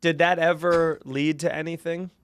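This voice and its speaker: A man hosting a podcast, asking teasing questions and cracking quick jokes in casual interview chat. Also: fairly high pitch, little pitch movement, clean tone, dry recording, studio quality. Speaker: podcast host.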